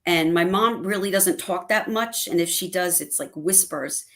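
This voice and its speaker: A middle-aged woman chatting casually on a video call, telling animated stories and acting out her family's lines. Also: on the low side, normal speed. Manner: animated storytelling, acts out family quotes. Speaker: guest fan. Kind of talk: casual livestream chat.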